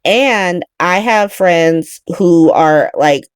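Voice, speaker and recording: A woman's voice: on the low side, very slow, clean tone, no room sound, clean studio sound. A young woman recapping soap episodes in casual chat, ranting, swearing and talking straight at the characters. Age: young adult. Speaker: soap opera recap host.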